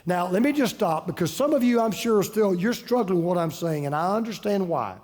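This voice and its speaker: A man delivers a sermon from the pulpit, speaking high in his register. He tells stories in an easy, conversational way and hammers his points by repeating phrases. His voice carries through a sanctuary with a long, lingering reverb. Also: lively intonation, brisk, a little mellow. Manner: conversational storytelling, repeats key phrases for emphasis. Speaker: pastor.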